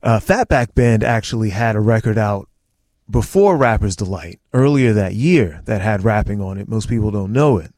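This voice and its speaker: A man's voice: fairly low pitch, animated, moderate pace, a little mellow. A friendly man sitting in as a radio programmer, sharing the stories behind old songs. His voice sounds close and dry, with no room echo, as he talks from a radio studio. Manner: friendly, storytelling, grateful. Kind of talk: casual radio chat and music stories.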